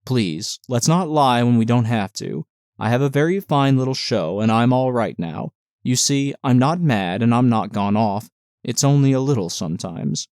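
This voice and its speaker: A man voicing a tender, fragile young woman nurse in an audiobook, speaking softly and pleadingly. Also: mid-range voice, lively intonation, moderate pace, no echo, clean studio sound, natural voice.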